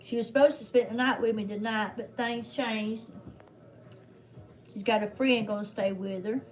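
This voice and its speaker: An older woman with a drawl chats casually on her livestream, her voice sitting high. She rambles warmly from one thought to the next, dropping in folksy religious turns of phrase. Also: fairly even intonation, moderate pace, low-quality recording. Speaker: livestream host.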